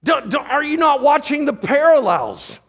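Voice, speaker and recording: A male pastor preaching a sermon, telling the story in lively casual slang and often checking in with "right?". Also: extremely high pitch, normal speed.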